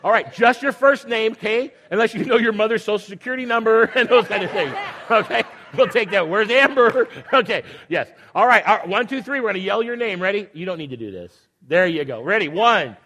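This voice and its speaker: A man's voice: high-pitched, brisk, hardly any pauses, sharp tone, a faint crowd, a little hiss or hum. An older man leading a children's sermon, reading a picture book aloud and teasing the children playfully.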